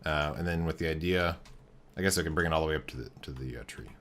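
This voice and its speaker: A man thinking aloud in casual commentary as he builds in a game. He talks in a relaxed, halting way, full of fillers and restarts. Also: a bass voice, a little hiss or hum. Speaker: game streamer.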